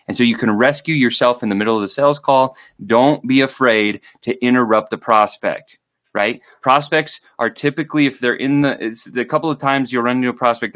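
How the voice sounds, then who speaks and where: Sales coach, man, mid-pitch, punchy motivational delivery, dry close sound. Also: no room sound. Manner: energetic, emphatic and motivational, acting out sample calls. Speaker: sales trainer. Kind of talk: direct-to-camera sales coaching.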